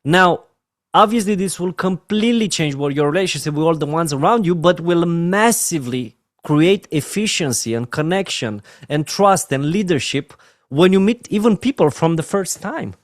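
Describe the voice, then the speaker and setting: An emotional man with a Romanian accent leads a motivational training session, pleading and heartfelt. His voice sits fairly high for a man, and the sound is dry and close. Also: expressive, moderate pace, dry recording. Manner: earnest, emotional, repeats "my friends" softly. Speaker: network marketing trainer.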